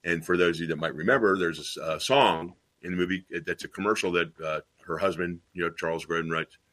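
A middle-aged man from Tennessee telling rambling, animated anecdotes in casual chat, with many fillers and restarts. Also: deep voice, fast.

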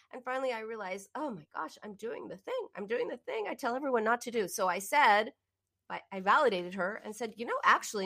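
A woman's voice: sing-song, a little fast, sharp tone. A woman coaching listeners on binge eating in an earnest, emphatic self-help talk, addressing them directly. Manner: earnest and emphatic, often rising in pitch for emphasis; speaks directly to the listener in second person.

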